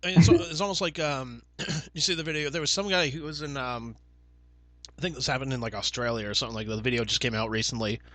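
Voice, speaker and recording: A man's voice: mid-range voice, fairly even intonation, fast, fairly bright tone, a little hiss or hum. A young man co-hosting a podcast, telling stories in casual chat with lots of swearing and fillers. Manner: swears freely, chatty storytelling with fillers. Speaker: podcast co-host.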